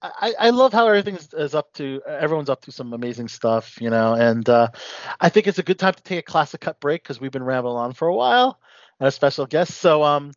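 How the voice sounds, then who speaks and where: A man's voice: fairly high pitch, animated, quick pace, no room sound, muffled recording. Rambling male radio host. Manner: rambling, filler-heavy. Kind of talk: casual radio chat.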